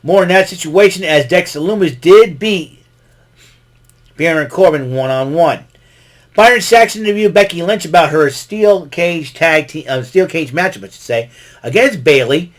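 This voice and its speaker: Rambling man with a higher voice. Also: expressive, moderate pace. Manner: rambling, many fillers and restarts, chuckles often. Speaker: podcast host recapping wrestling. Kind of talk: casual recap monologue.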